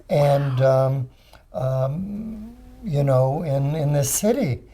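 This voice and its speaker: A man in an interview telling a story in a lively way, laughing now and then as he recalls it. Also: medium pitch, drawn-out words. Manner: animated, laughs while telling. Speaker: guest. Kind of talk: conversational storytelling.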